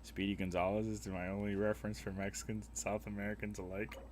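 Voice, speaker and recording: A young male streamer talks to his viewers while he plays. His voice sits a little low, and he rambles in a crude, joking way. A light noise runs under the recording. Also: flat delivery, quick pace, darkish tone. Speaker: live streamer. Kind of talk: casual gaming stream chat.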